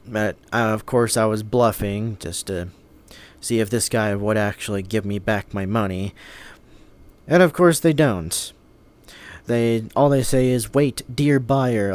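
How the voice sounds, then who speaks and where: A young man telling a storytime about being scammed, indignant and swearing, with many fillers and restarts. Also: mid-range voice. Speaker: vlogger. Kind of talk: angry storytime rant.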